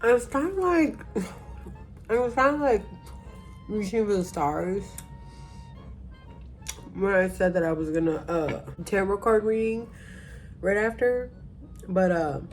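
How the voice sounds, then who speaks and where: A woman talks through a casual vlog at an unhurried, drawn-out pace, a bit tipsy. She rambles, mocks herself and loses her thread before starting over. Faint music plays quietly in the background. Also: mid-range voice, expressive. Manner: rambling, self-mocking, trails off and restarts. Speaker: vlogger.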